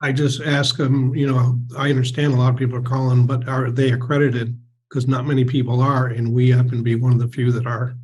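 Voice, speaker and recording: A man's voice: medium pitch, flat delivery, fairly quick, darkish tone, rough recording. A man in a group coaching call, brief and practical as he explains his approach over a video call. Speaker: coaching student.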